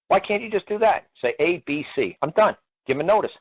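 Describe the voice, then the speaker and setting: A man's voice: high voice, expressive, quick pace, husky, dry recording. A man hosting a call-in radio show, explaining in a plainspoken, rambling way that stumbles and repeats words. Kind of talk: casual call-in radio talk. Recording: dry, tinny phone-like radio audio.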